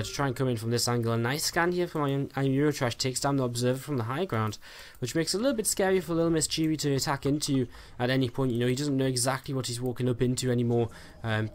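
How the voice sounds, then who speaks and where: A male esports caster calls a live strategy match over a headset mic, his words tumbling out quickly at a mid-range pitch. His play-by-play is peppered with "uh" and "I mean" fillers, with faint ambience underneath. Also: a little hiss or hum. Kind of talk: live game commentary.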